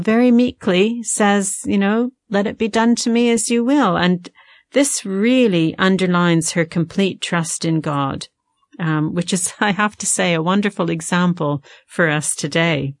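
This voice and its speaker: A woman guest teaching on a Bible passage in a measured, explanatory way with frequent ums and uhs. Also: medium pitch, no echo. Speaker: guest theologian.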